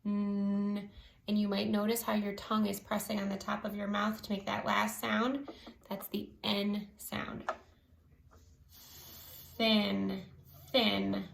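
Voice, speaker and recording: A woman teacher giving a slow phonics lesson to children, stretching out each sound clearly. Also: mid-range voice, completely flat delivery, a little hiss or hum. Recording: echoey room.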